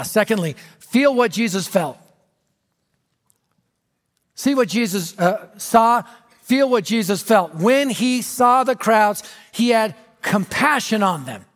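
A middle-aged American man preaching a storytelling sermon, animated and dramatic, dropping to a hush for emphasis. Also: high-pitched. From United States. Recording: reverberant hall.

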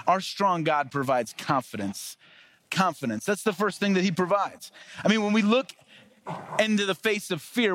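A male pastor preaching a casual sermon, telling stories and acting out the quoted lines with lively energy. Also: high voice, moderate pace, no echo. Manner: storytelling with lively acted-out quotes.

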